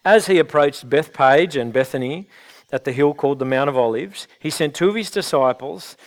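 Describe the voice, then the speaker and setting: Man preaching, earnest and chatty, slightly high voice. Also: normal speed. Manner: earnest, conversational preaching with frequent restarts. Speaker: pastor. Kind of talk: sermon.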